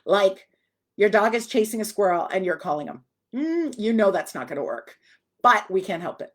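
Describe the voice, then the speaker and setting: A woman's voice: medium pitch, very animated, normal speed. A woman dog trainer giving a live online lesson, chatty and direct, now and then putting on a voice for the dog.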